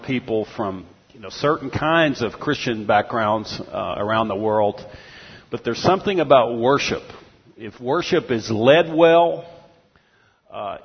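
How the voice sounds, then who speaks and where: A pastor delivering a sermon in a measured, reflective way. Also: male voice, medium pitch, breathy edge. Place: church sanctuary. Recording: dull audio with long hall reverb.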